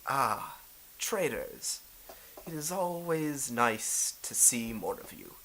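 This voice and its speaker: A man voicing a scheming feudal lord in a tabletop role-play game, with slow, measured speech and amused laughs. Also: medium pitch, lively intonation, sharp tone, a little hiss or hum, exaggerated voice, rough recording. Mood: smug. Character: scheming male feudal lord, smug and confident.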